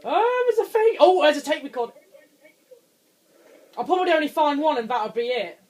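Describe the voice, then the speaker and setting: A young man giving let's play commentary on a horror game, jumpy and quick to scream when startled. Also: extremely high pitch, animated, darkish tone, soft background music. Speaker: gaming channel host.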